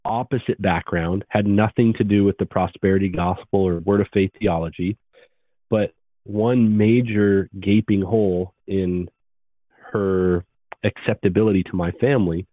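A man in his thirties recounts his past in an earnest, brisk storytelling manner. His voice sits very low. The sound is dry and narrow, like it came down a phone line. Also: steady tone, no room sound. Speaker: podcast guest. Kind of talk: storytelling interview.

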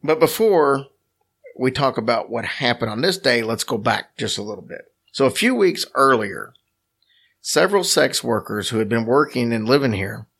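Working from notes, a male co-host of a casual podcast tells a story and adds dry, wry humor. He speaks at a normal pitch with a raspy, gravelly texture and a fairly bright quality.

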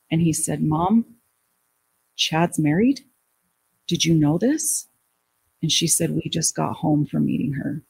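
A woman telling a personal story as an interview guest, acting out what people said in lively quoted dialogue. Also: lowish voice, creaky, husky.

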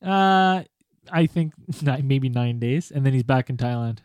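A man's voice: medium pitch, a little slow, darkish tone, clean tone, no room sound. A man co-hosting a podcast, telling stories animatedly with swearing, laughter and mimicked voices. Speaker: podcast co-host. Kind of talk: casual podcast banter.

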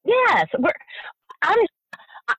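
A middle-aged bereaved mother, a guest in an emotional interview, speaking passionately and haltingly, repeating herself, at times near tears. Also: very high voice, huge pitch swings, fairly bright tone, dry recording, dull audio.

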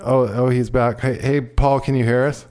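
A man's voice: medium pitch, little pitch movement, moderate pace, darkish tone. A male radio show host talking loosely and casually, swearing freely and bantering with his co-host. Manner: loose, profane, laid-back banter.

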